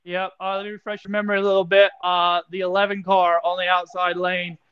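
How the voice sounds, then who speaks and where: A man's voice: sits high, level tone, brisk, clean tone, muffled recording. A man co-hosting a casual podcast about racing, teasing his partner with hype-man energy. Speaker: podcast co-host.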